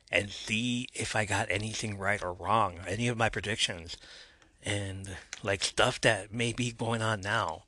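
Bright, excitable male podcast host. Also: lowish voice, no echo. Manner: excitable, self-mocking, voice jumps up when amused. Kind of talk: casual solo podcast chat.

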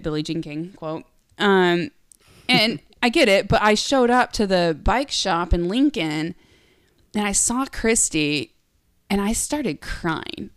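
A woman's voice: mid-range voice, clear, resonant tone, dry recording, studio quality. A woman in her thirties, a guest on a podcast, telling race stories in a bubbly way, laughing often and acting out what people said. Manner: bubbly, laughing, acts out quotes. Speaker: guest, pro gravel cyclist. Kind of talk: casual interview storytelling.

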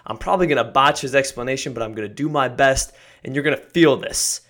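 A man hosting a podcast, giving an energetic, emphatic motivational talk that builds to excited shouts. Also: medium pitch, quick pace. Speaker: podcast host.

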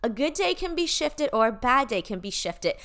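A woman's voice: on the high side, sing-song, moderate pace, fairly bright tone. A woman hosting her podcast as an unscripted motivational live chat, emphatic, swearing freely and tagging her points with "right?". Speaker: podcast host.

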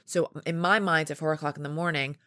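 Brief: woman in her 40s, low voice, lively storyteller, close dry mic. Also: no room sound. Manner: lively storytelling with laughs and quick restarts. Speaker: podcast guest, company founder. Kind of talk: casual interview chat.

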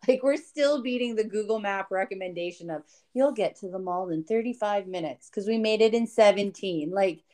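A woman's voice: medium pitch, normal speed, hardly any pauses. A woman telling a travel story to her mother in casual chat, quoting others and laughing often. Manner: animated, quotes others in acted voices, laughs often. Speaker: co-host, daughter.

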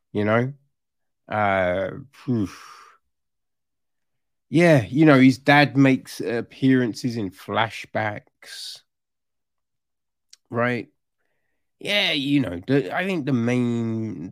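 A man's voice: on the low side, dry recording, studio quality. A man casually reviewing a TV series, rambling with fillers and restarts and growing exasperated as he rants. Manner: grows exasperated and loud when ranting.

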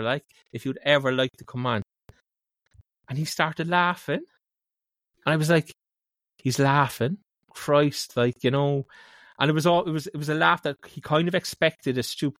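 A man's voice: medium pitch, no echo, clean studio sound. A man with a Cork Irish accent, co-hosting a podcast and telling a long anecdote, padding it with "like, you know.". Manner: animated anecdote with lots of filler "like, you know". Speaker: podcast co-host. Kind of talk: casual storytelling chat.

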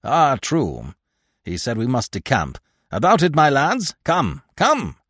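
A man's voice: mid-range voice, huge pitch swings, slow pace, a bit bright, no echo, clean studio sound, voice pushed up, full character voice. A man voicing a big, pompous leader of a travelling theatre troupe who declaims every line. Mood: bustling.

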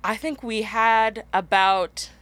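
Nigerian woman cohost, jokey and mock stern with the listeners, slightly high voice. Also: steady tone, slow, a bit bright, no room sound. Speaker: podcast co-host. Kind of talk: casual chat.

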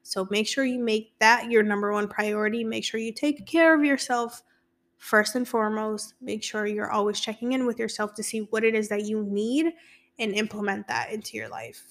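A woman's voice: mid-range voice, fairly even intonation, normal speed. A young woman hosting her own podcast, chatting candidly and casually, with frequent swearing. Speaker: podcast host. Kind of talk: casual solo podcast chat.

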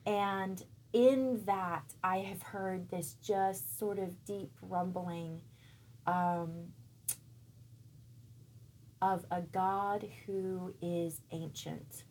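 A woman in her thirties speaks slowly, in a lowish voice, about her faith. She sounds thoughtful and searching, and she often pauses mid-sentence to find the right word. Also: steady tone, a little mellow, a little hiss or hum. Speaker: church member and guest. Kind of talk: reflective faith conversation.

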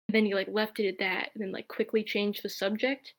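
A woman's voice: medium pitch, steady tone, fairly quick, few pauses. A woman telling a personal story in a casual, chatty way, with many fillers. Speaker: podcast guest.

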